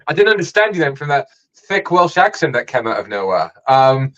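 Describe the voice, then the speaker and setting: Man, co-host, middle pitch, hesitant, stammering restarts, muffled audio. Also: sing-song, a little fast, fairly bright tone. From United Kingdom. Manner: hesitant, repeats words, teasing. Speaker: podcast co-host. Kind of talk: casual podcast banter.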